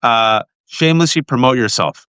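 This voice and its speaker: A man's voice: medium pitch, normal speed, pushed and bright, clear, resonant tone, no room sound. Male host, live stream, urgent, earnest, dry audio. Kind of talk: live-stream political talk. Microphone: phone mic.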